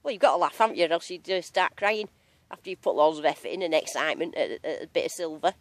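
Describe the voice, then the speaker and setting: An Englishwoman with a strong regional accent banters in slang while metal detecting in a field, narrating a casual outdoor vlog. She talks quickly in a low voice, and there's no room sound at all.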